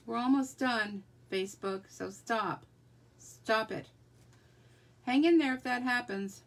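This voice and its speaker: Slow and somewhat high-voiced, a woman demonstrates card-making live, chattering away and murmuring to herself as she goes.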